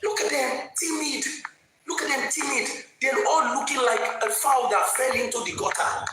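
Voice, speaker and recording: A woman's voice: sits high, normal speed. Fiery woman in an echoey room. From Lagos, Nigeria. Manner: fiery, emphatic, repeats points for force. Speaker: commentator. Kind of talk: opinionated commentary monologue. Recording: very echoey room with faint music.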